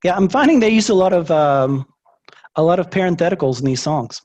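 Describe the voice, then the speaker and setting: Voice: medium pitch, lively intonation, brisk, a little mellow. A host running a movie trivia game over a video call, chatty and upbeat.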